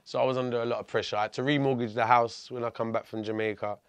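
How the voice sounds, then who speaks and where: A man, telling a story as a podcast guest in a lively, profane way. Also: medium pitch, rapid-fire, clean tone, no room sound. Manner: animated, profane, laughing storyteller. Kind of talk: storytelling in conversation.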